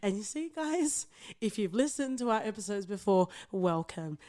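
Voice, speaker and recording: A woman's voice: mid-range voice, very animated, moderate pace, dark tone. A woman with an Australian accent co-hosting a podcast, chatting casually in a playful, profane way and often laughing. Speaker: podcast co-host. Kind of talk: casual chat.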